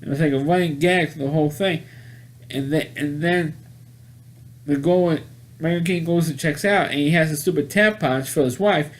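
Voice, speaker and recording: Guy rambling thru a movie recap, lots of false starts, kinda higher pitched. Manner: rambling, halting, many restarts and repeated words. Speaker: movie reviewer. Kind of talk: casual spoken movie recap.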